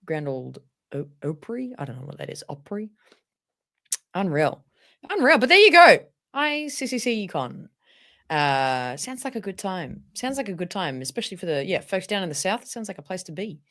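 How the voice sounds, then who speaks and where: A woman's voice: lowish voice, sing-song, moderate pace, a bit bright. A woman hosting a casual livestream chat, bubbly and laughing often, with frequent repeated words. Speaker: livestream host.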